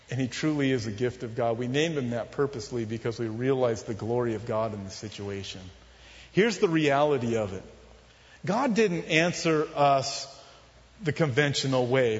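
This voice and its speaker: A man telling a personal testimony as a sermon, in an earnest, confessional storytelling manner that often drops soft and low. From Southern California. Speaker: preacher telling his testimony. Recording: muffled, with long hall reverb.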